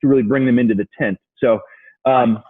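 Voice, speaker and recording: Fast-talking man on a phone-thin line. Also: mid-range voice, steady tone, breathy edge, narrow, tinny audio. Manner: easygoing, agreeable. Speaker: host. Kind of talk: casual interview chat.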